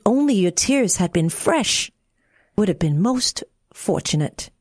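Storybook frog, male, fretful and lecturing, read by a woman narrator; slow, lively delivery. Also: mid-range voice, no echo, studio quality. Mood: fussy. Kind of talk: storybook reading.

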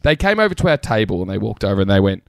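Young aussie bloke telling a pub story on a podcast, swears a lot, voice jumps all over, dry close mic. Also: male voice, lowish voice, rapid-fire, vocal fry, no echo. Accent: Australian. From Australia. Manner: sweary, laughing, animated storyteller. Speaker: podcast co-host. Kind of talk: casual storytelling chat.

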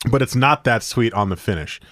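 A man's voice: mid-range voice, expressive, fairly quick, a bit bright, no room sound, studio quality. A man co-hosting a casual beer tasting chat, talking at length through tasting notes. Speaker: co-host presenting a beer of the week.

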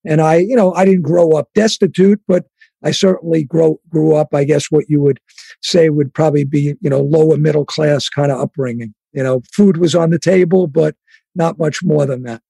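A man with a Long Island accent, a guest financial planner, speaking plainly with a gravelly, husky voice. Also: fairly high pitch, steady tone, normal speed, warm tone, no echo. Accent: New York, Long Island. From the Bronx, New York. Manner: plainspoken, reflective, with frequent fillers. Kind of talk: interview conversation.

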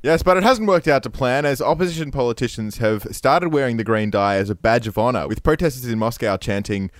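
A man's voice: mid-range voice, fairly quick, no echo. A man co-hosting a comedy news show, reading scripted satirical news with a dry, wry delivery.

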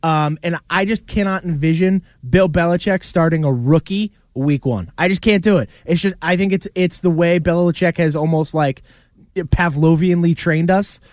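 A man co-hosting a casual sports podcast, animated and argumentative, often laughing as he debates. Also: a little high, normal speed, dry recording, clean studio sound. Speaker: podcast co-host.

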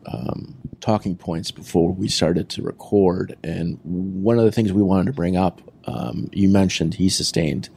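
A man's voice: deep voice, steady tone, unhurried, creaky, hardly any pauses, dark tone, husky. A man hosting a podcast who asks short follow-up questions. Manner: brief questions. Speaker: podcast host. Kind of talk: podcast discussion.

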